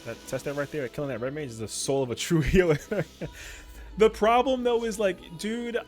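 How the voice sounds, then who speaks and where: A man's voice: a little high, fairly quick, faint music behind. Slangy young man telling gaming stories. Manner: slangy, animated storytelling. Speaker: streamer. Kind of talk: casual chat.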